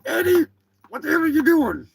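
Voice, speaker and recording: A man voicing a loud, foul-mouthed male cyborg turkey co-host who yells and curses. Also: very high-pitched, sing-song, normal speed, vocal fry, dry recording, pitched above the performer's own voice, heavily acted. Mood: rowdy. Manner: brash, cursing, yelling.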